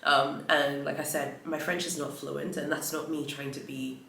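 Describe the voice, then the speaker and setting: A woman recounts a story to her vlog camera in a loose, chatty way, full of fillers and restarts. Her voice carries a gravelly fry. The room adds a noticeable echo over a faint hum of ambience. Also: deep voice, little pitch movement, normal speed, a bit bright. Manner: chatty, rambling retelling with many fillers. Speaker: vlogger. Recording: roomy echo.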